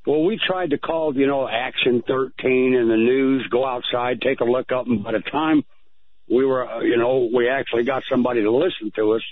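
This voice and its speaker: A man calling into a radio show, telling his story in a halting way and repeating words. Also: mid-range voice, animated, no room sound. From United States. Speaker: caller. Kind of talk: phone-in account. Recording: tinny phone line.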